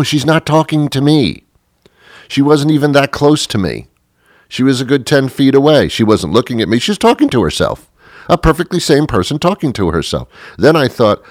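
A man's voice: medium pitch, no echo. A man, a radio host, delivering a rambling, sarcastic, exasperated comic monologue into a close studio mic. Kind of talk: comedic monologue.

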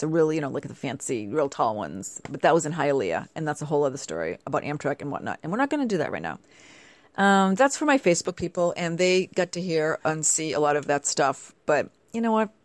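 A woman's voice: low-pitched, dry recording. A woman hosting her own show, telling stories in casual, chatty asides. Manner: chatty, animated storytelling with playful asides. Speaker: show host. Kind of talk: casual chat.

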